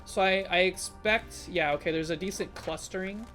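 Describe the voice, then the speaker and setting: A woman's voice: fairly low pitch, moderate pace, fairly bright tone, faint music behind. A woman streamer giving casual live commentary on a game, chatty and talking to her viewers, with sudden startled exclamations. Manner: chatty, talks to chat, jumpy exclamations.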